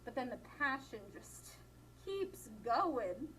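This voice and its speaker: Young female lecturer, high voice, chatty, giggles often, faint room noise. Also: very animated, slow, bright, forceful tone, low-quality recording. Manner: chatty, laughs often, many "like" fillers. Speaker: college instructor. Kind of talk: classroom lecture. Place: classroom.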